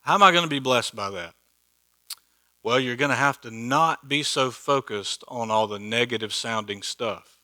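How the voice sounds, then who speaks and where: A man's voice: medium pitch, bright, forceful tone. A man teaching a Bible study in a church hall, conversational and joking, with many rhetorical questions.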